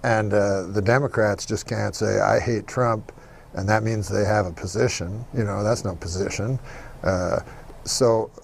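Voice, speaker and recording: A man, a comedian being interviewed, talking in a halting deadpan way with many fillers. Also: lowish voice, gravelly, slight background noise.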